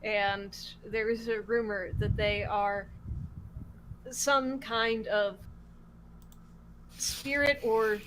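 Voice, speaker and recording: A woman player in a tabletop game podcast, explaining at a measured pace in casual chat. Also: mid-range voice, fairly even intonation, a bit bright, a little hiss or hum, poor audio.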